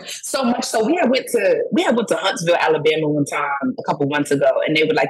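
A woman's voice: low voice, quick pace, few pauses, low-quality recording. A woman from Brooklyn with a New York accent, a guest talking casually and emphatically, laughing often. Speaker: guest musician. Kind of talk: casual interview over the phone. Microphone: phone call.

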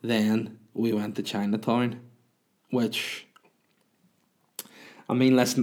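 A man's voice: lowish voice, level tone, takes it slowly, darkish tone. Crude, rambling man telling a story. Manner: rambling, crude, self-mocking humor. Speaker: podcast host. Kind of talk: casual storytelling monologue.

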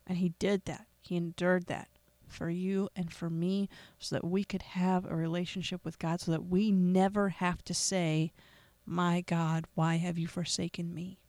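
A podcast host making an emotional, earnest gospel appeal in a preacherly way, with pauses and repetition. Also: medium pitch, level tone, darkish tone, no room sound.

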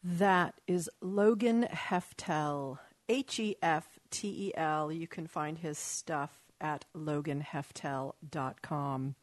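A woman's voice: deep voice, takes it slowly, no room sound. A woman hosting a talk radio show in a Los Angeles studio, rambling in an exasperated, casual way and swearing freely.

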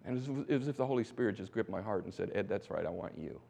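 A middle-aged man from the United States preaching a testimony sermon as a missionary preacher. He exhorts the congregation, swinging between hushed asides and loud bursts. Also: fairly low pitch, lively intonation, very fast, vocal fry, slightly rough.

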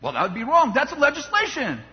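A man's voice: extremely high pitch, huge pitch swings, fast. A man preaching a sermon with passion, often mocking the voices of complainers. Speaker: pastor. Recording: dull sound in a long-reverb hall.

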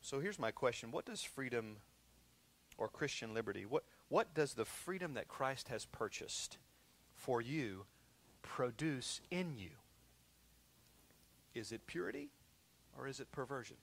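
A male pastor preaching a sermon in a conversational way, repeating himself often and swinging between loud emphasis and hushed, quiet stretches. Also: mid-range voice, expressive, measured pace, vocal fry, pauses often.

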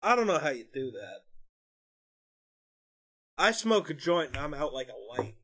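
A man's voice: a little high, sing-song, a little slow, a bit bright. A young man and streamer co-hosting a podcast, chatting bluntly and swearing freely. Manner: blunt, swears freely, rants about pet peeves. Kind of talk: casual chat.

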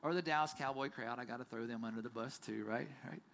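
A man preaching a sermon as pastor, telling stories with big swings from loud to near-whisper. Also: medium pitch, fast talker, gravelly, slight background noise. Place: church.

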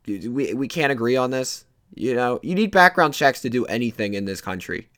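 A man's voice: mid-range voice, expressive, moderate pace, fairly bright tone, no room sound, clean studio sound. A young man hosting his own podcast, rambling casually with many fillers and loose, meandering thoughts. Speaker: podcast host.

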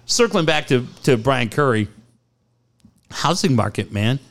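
A man in his forties hosting a talk radio show, telling blunt, animated stories with swearing and reading ads. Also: mid-range voice, a little slow. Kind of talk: casual sports talk and live ad reads.

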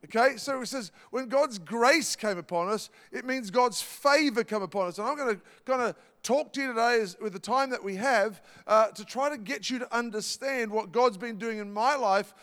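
A man's voice: extremely high pitch, a bit bright, long reverb tail. A middle-aged Australian man preaching a sermon, telling a personal story in a chatty way with many fillers and restarts. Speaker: pastor.

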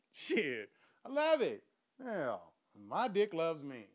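A man's voice: on the high side, huge pitch swings, slow. A man telling a crude, profane story in a loose conversational monologue, laughing often.

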